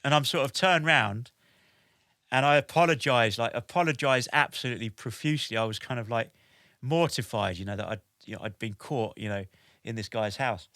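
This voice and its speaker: A man in his forties, a guest on a podcast, recounts an anecdote with animated energy. His voice is bright and forceful at a middle pitch, and he leans on "like" and "basically" as he goes. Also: fairly quick, dry recording, clean studio sound. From United Kingdom. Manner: animated, with many "like" and "basically" fillers. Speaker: podcast guest, military veteran. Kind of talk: lively anecdote-telling.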